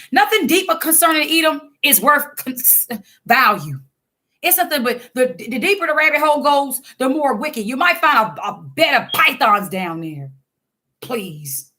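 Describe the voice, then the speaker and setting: An online commentator delivers fiery religious commentary in a vlog, blunt and scolding as she preaches at her viewers and keeps restarting. Her voice is high-pitched with a sharp tone.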